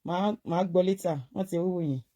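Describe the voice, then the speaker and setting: A woman in a played social media clip, gushing and tearful with joy, repeating her excitement and mixing Yoruba and English. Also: on the low side, racing.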